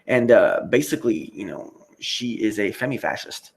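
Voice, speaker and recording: A man with a low, gravelly voice, talking off the cuff on a livestream. He rambles and swears often, stopping now and then to read out viewer comments. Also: sing-song, moderate pace. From United States. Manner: rambling, profane, reads chat comments. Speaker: livestream host.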